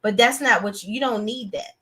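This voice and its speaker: A young woman hosting a live TV review stream, talking in a blunt, animated, outspoken way with features. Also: on the high side, brisk. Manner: animated, outspoken, breaks into acted voices of characters. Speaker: TV review show host.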